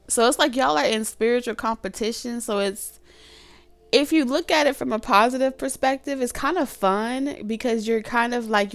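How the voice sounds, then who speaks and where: Her voice is smooth and medium-pitched, recorded without echo. As a tarot reader doing a relaxed, chatty reading, she keeps things colloquial and lively, laughing often and performing the lines people might say.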